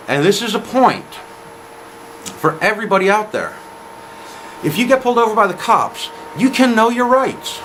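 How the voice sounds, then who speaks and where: Animated man retelling a court story. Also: sits high, slight background noise, poor audio. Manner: animated retelling, quotes others in dialogue. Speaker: vlogger. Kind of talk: casual storytelling to camera.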